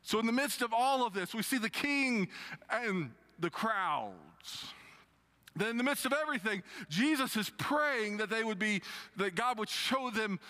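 A man preaching a sermon, reading scripture and retelling it with expressive rises and drops. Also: measured pace. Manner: expressive preaching with dramatic pitch swings when quoting scripture. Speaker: pastor.

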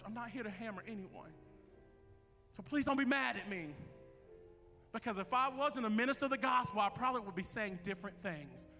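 A man preaching a passionate sermon to his church as its minister, at times shouting. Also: high voice, long reverb tail. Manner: impassioned preaching, rising to shouts. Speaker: pastor. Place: church sanctuary.

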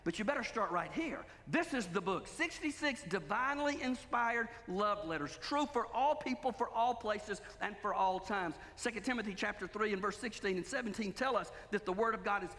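A man's voice: high-pitched, animated, moderate pace, hardly any pauses, fairly bright tone. A man preaching a sermon as pastor, emphatic and full of rhetorical questions. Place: church sanctuary. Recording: long hall reverb.

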